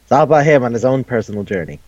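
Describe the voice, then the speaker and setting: A man co-hosting a casual chat show, talking quickly, swearing and acting out characters in high squeaky voices. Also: lively intonation, dry recording, lo-fi sound. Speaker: podcast co-host.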